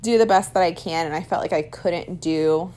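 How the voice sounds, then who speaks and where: A woman's voice: fairly low pitch, normal speed, mellow. A young woman casually telling her own birth story, chatty and candid with plenty of "um" and "like". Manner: chatty and candid, many fillers like "um" and "like". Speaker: mother sharing a birth story.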